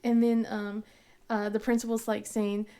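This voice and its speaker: A woman's voice: medium pitch, level tone, normal speed, dark tone. A woman in her thirties hosting a craft channel, telling a family story in a rambling, casual way with lots of fillers and restarts, often laughing as she goes.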